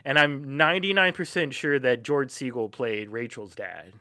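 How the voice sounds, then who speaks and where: A man co-hosting a podcast, excitedly chatting about movies with fillers and casual swearing. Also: medium pitch, normal speed, no room sound, clean studio sound. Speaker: podcast co-host. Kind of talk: casual film discussion.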